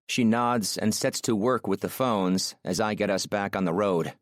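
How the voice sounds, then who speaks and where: A man narrating a romance audiobook in the first person, measured and intimate, on a close mic. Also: lowish voice, no echo.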